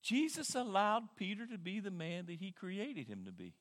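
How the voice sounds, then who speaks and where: Male pastor, lively high sermon voice with a bright edge, long reverb from a big church hall. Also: normal speed. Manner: animated, repeats words while thinking.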